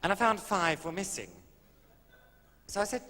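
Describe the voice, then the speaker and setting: A man's voice: high voice, lively intonation, normal speed, bright, forceful tone. Camp man telling stage stories. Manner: arch, camp, drily innuendo-laden. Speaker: stand-up comedian. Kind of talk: camp stand-up storytelling. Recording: echoey old live stage recording with faint hiss.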